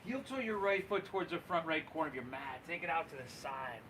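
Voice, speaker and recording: A man guiding a live yoga class, cueing poses and breaths in an encouraging, relaxed and folksy way. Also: fairly high pitch, brisk, noisy background. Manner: relaxed, folksy, says y'all. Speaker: yoga instructor.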